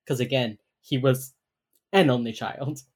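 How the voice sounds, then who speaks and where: Very low-voiced young woman, casual. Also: measured pace, darkish tone, breathy edge. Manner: chatty, swears freely, acts out quotes. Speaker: podcast co-host. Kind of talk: casual recap chat.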